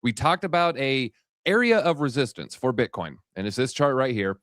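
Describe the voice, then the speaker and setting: A man's voice: mid-range voice, expressive, fairly bright tone, dry recording, studio quality. A man hosting a live crypto market show, hyped and a little out of breath, talking straight to his viewers. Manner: hyped, rapid-fire, addresses viewers directly. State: slightly out of breath. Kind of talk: energetic live-stream market commentary.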